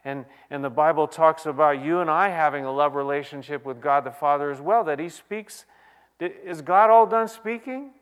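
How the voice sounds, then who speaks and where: A man preaching a sermon, his voice swelling into loud, urgent questions before falling back to a hushed, intimate tone. He reads scripture passages aloud and speaks directly to his listeners. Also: fairly high pitch, normal speed, smooth. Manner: dynamic preaching, swinging from loud exclamations to hushed quiet. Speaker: pastor.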